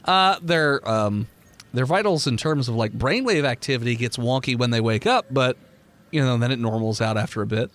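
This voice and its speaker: A man's voice: medium pitch, moderate pace, fairly bright tone. A man narrating as game master, explaining in a loose, chatty way with filler words.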